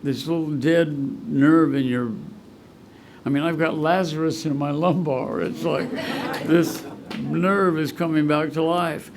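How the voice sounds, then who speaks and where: A man gives the guest talk at a recovery meeting in a school meeting room, telling a rambling, heartfelt personal story and choking up with emotion. His fairly high voice is creaky and unhurried, with fairly even intonation and a little hiss or hum in the audio.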